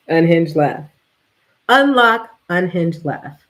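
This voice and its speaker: Casting: woman vlogger, low-ish voice, unhurried, slangy and laughing storyteller. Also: poor audio. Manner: animated, laughs often, slangy. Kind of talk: casual storytelling monologue.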